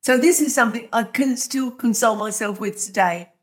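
An older woman with a fairly high voice tells her story in a chatty, rambling way. She slips into the voices of the people she quotes as she goes. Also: brisk. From London, England. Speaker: guest, author. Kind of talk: telling her life story.

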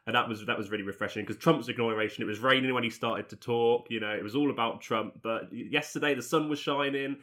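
A man's voice: medium pitch, fast talker, few pauses, pushed and bright. A man hosting a podcast interview, asking questions with a hesitant, restarting manner. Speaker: podcast host. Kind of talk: conversational interview.

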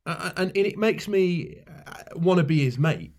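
A man, croaky from a cough, chatting on a podcast in a jokey, rambling way. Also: on the high side, normal speed. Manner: animated, jokey, rambling with restarts. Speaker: podcast co-host. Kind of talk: casual chat.

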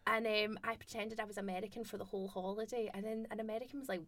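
A woman with a Scottish accent, a lively guest who tells stories in casual chat and laughs often. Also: medium pitch, rapid-fire, no echo. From Scotland.

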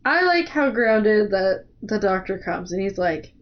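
A woman's voice: mid-range voice, sing-song, unhurried, highs cut off. A woman co-hosting a casual book discussion podcast, chatty and agreeable.

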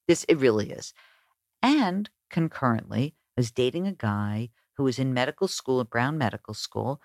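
Guest woman, lively anecdote teller, dry close sound. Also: a bass voice, moderate pace, no room sound. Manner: animated, acts out quoted voices. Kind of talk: conversational storytelling.

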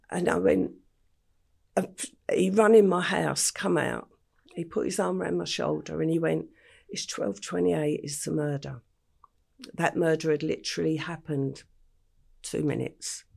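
Older English woman, guest; gravelly, husky voice; unhurried, flat-toned storytelling. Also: fairly low pitch. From England. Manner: slow, matter-of-fact retelling with quoted dialogue. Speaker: interview guest. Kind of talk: storytelling in a podcast interview.

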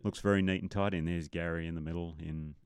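A man's voice: low-pitched, fairly even intonation, fast, darkish tone, clean tone, no room sound. An Australian man co-hosting a podcast in casual chat, asking questions and chuckling often. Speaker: podcast co-host.

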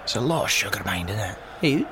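A crude, sarcastic football executive, played by a man, his pitch swinging freely as he fires off swear words and dry put-downs. A lively comedy audio drama voice. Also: rapid-fire, background noise. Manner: blunt, sarcastic and constantly swearing.

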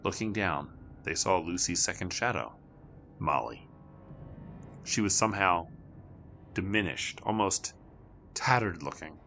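A man's voice: low-pitched, animated, unhurried, creaky, pauses often, bright, forceful tone, soft background music. A man narrating a scripted horror story, acting out each character.

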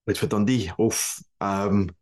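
A Scottish man hosting a casual football podcast, jokey and quick to laugh, using broad dialect words. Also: lowish voice, steady tone, a little mellow. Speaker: podcast host.

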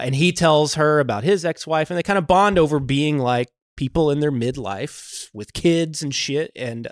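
A man's voice: fairly high pitch, dry recording, clean studio sound. A man co-hosting a podcast, casually retelling a film's plot and swearing freely as he goes. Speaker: podcast co-host. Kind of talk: casual movie recap chat.

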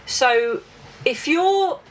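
A woman's voice: sits high, animated, very slow, slight background noise, poor audio. A woman from North East England, a voice coach guesting on a podcast, chatting in a bubbly way and demonstrating sounds as she explains. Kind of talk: lively podcast chat.

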